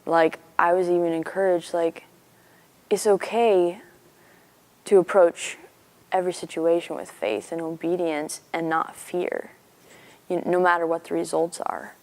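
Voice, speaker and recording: A young university student from Missouri giving an earnest, chatty personal faith testimony. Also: female voice, fairly low pitch, steady tone, a little slow, a little mellow. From Missouri, USA. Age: young adult.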